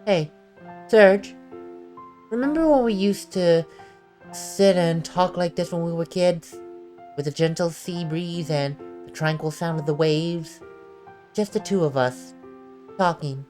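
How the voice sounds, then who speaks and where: A woman voicing a gentle, wistful teenage girl in a video game, reading in a soft, reflective way. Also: on the low side, takes it slowly, long pauses. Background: faint game music.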